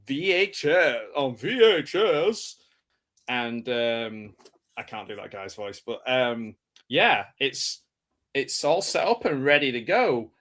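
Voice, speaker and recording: A man's voice: mid-range voice, very animated, takes it slowly, a bit bright. Chatty, rambling man hosting a stream. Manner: chatty, rambling, laughs often. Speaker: stream host. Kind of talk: casual watch-party chat.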